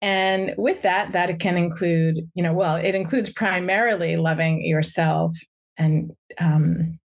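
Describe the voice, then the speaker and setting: Woman therapist, lower voice, gentle and reflective, speaking to a live audience. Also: steady tone, unhurried. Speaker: psychotherapist and workshop speaker.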